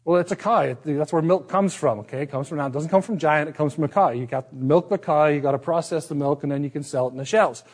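A man's voice: a little high, fast, hardly any pauses, a little mellow. A middle-aged man from Northern Ireland with a partly Americanized Northern Irish accent, preaching a sermon in a conversational, self-deprecating way that is full of restarts. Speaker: pastor.

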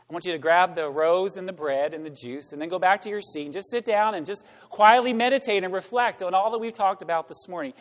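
A man preaching as pastor, earnest, moving between loud proclamation and hushed words. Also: fairly high pitch, fairly quick, few pauses, in a large hall. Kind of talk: sermon.

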